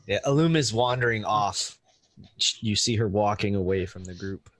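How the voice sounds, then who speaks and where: A man's voice: fairly low pitch, normal speed, a bit bright, dry recording. A man playing a tabletop game, casually narrating his character wandering off. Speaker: player.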